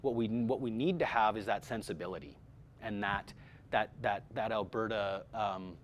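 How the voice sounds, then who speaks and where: A man's voice: fairly low pitch, moderate pace, slight background noise. A man teaching a voice-over workshop to a group, talking energetically with many fillers and repeated words. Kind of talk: casual workshop talk.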